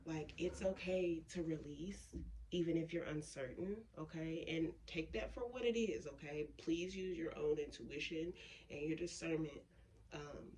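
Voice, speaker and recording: A woman's voice: sits low, noisy background. A woman giving an intuitive card reading, talking in a reassuring, chatty way with many fillers and frequent check-ins like "okay?". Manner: reassuring, keeps asking "okay?". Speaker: tarot card reader.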